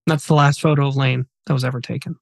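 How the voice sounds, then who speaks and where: A man's voice: medium pitch, flat delivery, fast talker, no echo. A man hosting a podcast, retelling a true story in a casual, earnest, conversational way. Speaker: podcast host.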